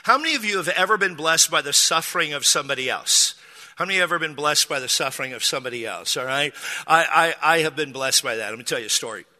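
A man's voice: mid-range voice, sharp tone. A middle-aged man from Texas preaching a sermon, telling a humorous story with self-deprecating, jokey asides. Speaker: pastor. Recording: long hall reverb.

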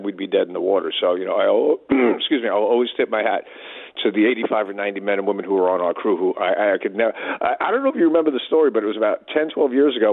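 Fast-talking man on a tinny phone line. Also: fairly low pitch. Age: 60s. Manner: storytelling, chatty, acts out dialogue. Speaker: touring band member, interview guest. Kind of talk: casual phone interview.

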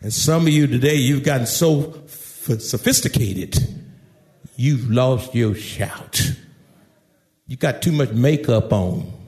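A male pastor preaching a sermon in a church, shouting at times and dropping to quiet asides. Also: mid-range voice, takes it slowly, pauses often. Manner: preaching with shouts, swinging loud and soft.

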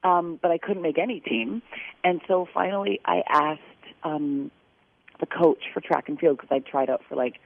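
A woman's voice: deep voice, moderate pace, gravelly, no room sound. A woman calling in as a guest on a casual chat, telling funny, self-deprecating stories. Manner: self-deprecating, laughing storyteller. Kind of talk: casual chat over the phone. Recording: tinny phone line.

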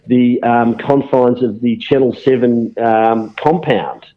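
An Australian man co-hosts a sports podcast in a calm, measured way, moving the conversation from one topic to the next. His pitch sits in the middle range. The recording is a little dull and lo-fi. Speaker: co-host of a football podcast. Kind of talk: casual sports chat. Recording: slightly dull lo-fi audio.

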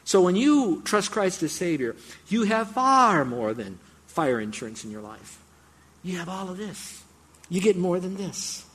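A man preaching a sermon, talking straight to his congregation in a conversational way, now and then getting excited and acting out a game show host. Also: high-pitched, unhurried, slightly rough. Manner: animated, bursts into excited game-show mimicry; conversational, addresses congregation directly.

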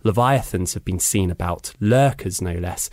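A man's voice: low voice, moderate pace, darkish tone, no room sound, clean studio sound, close to an everyday voice. A man reading aloud, voicing a blunt, bossy girl with a permanent scowl.

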